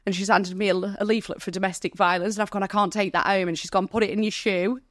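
A woman's voice: mid-range voice, steady tone, fast talker, a bit bright, dry recording, studio quality. Woman telling a raw personal story. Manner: candid, vivid retelling with quoted dialogue; emotional, near tears. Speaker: podcast guest.

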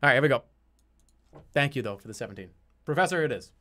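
A man's voice: mid-range voice, lively intonation, quick pace. A man streaming a game, chatting casually, laughing and swearing often. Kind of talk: casual gameplay commentary. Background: loud game music.

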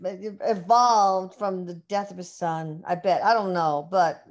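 A woman's voice: on the low side, fairly even intonation, takes it slowly. A woman interviewing a medium, asking questions eagerly and chiming in with short replies.

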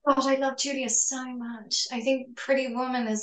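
A woman guest with a fairly high voice chats in a lively, storytelling way, dropping French words into her English and laughing a lot. The room around her rings with a roomy echo. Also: normal speed. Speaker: actress guest. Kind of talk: casual interview chat.

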